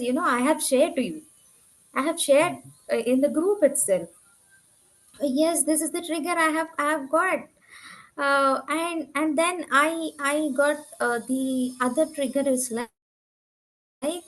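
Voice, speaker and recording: A woman's voice: high voice, poor audio. A woman giving an earnest, candid testimonial about her own growth. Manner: earnest, candid, self-reflective. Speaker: program participant giving a testimonial. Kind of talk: conversational testimonial.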